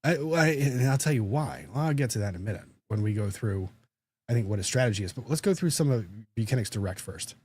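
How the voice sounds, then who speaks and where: Brief: male lawyer host, mid pitch, dry close sound, wry banter with chat. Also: lively intonation, fast talker, darkish tone, slightly rough, dry recording. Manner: joking, self-deprecating, chatty. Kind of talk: casual livestream chat, reading viewer comments.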